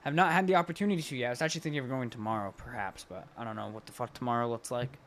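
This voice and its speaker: A man's voice: mid-range voice, rapid-fire, a bit bright, a little hiss or hum. A young man co-hosting a casual podcast, joking, swearing and laughing often. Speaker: podcast co-host. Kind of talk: casual chat.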